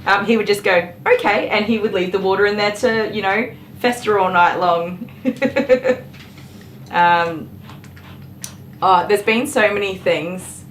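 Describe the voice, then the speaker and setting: A middle-aged dog groomer with a mid-range voice talks casually and unhurriedly while she works indoors at a grooming salon. She's dry and sarcastic, laughs a lot, and gently scolds the dog on her table. The room is echoey, with electric clippers buzzing throughout.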